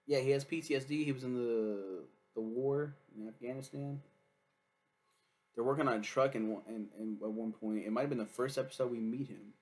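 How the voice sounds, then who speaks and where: A man's voice: medium pitch, brisk, darkish tone. A man chatting casually as he reviews a TV series, rambling and swearing freely with lots of fillers.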